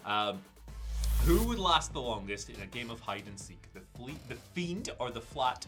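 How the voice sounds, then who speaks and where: Brief: young male host, giggly and lively, bright tone, reads questions aloud. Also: medium pitch, normal speed, faint music behind. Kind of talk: casual chat.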